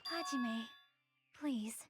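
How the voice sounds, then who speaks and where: A woman voicing a calm, soft-spoken young girl in a video game, speaking in a gentle, measured, hesitant way. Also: fairly high pitch, music in the background. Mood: pleading.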